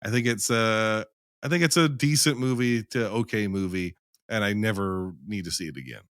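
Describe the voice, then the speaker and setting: A man's voice: on the low side, normal speed, a bit bright, clear, resonant tone, no echo, clean studio sound. A man in a casual film-review chat, rambling and emphatic, who swears freely.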